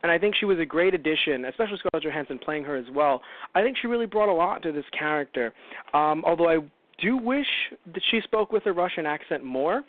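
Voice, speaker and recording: A man's voice: on the high side, animated, fast talker, no echo. A man hosting a casual movie review show, rambling and correcting himself with wry asides. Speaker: podcast host. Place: home. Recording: tinny phone-line call-in audio.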